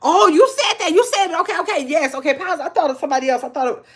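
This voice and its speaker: A woman's voice: sits high, very fast. An older woman hosting a casual livestream, chatting loosely and answering viewers' comments as they come in. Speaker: livestream host.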